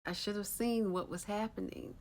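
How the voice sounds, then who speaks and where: A woman voicing a grieving, desperate father in a spooky folktale, calling out high and loud. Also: fairly even intonation, normal speed, slight background noise, lightly acted. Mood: anguished. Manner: pleading, then raging.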